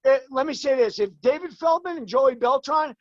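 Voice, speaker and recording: A man in his forties, a guest in an interview, talking emphatically and fast, his voice climbing as he gets worked up. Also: very high voice, no echo, dull audio. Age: 40s. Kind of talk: heated interview talk.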